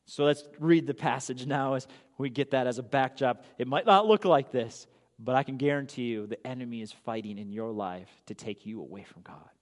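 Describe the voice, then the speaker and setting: A man preaching a sermon as pastor, telling the story in an animated way with casual asides. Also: mid-range voice, moderate pace, big-room sound.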